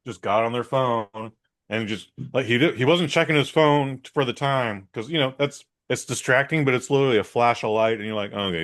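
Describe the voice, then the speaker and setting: Lowish-voiced man, lively storyteller. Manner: animated storyteller, swears freely, acts out quotes. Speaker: podcast co-host. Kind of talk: casual chat.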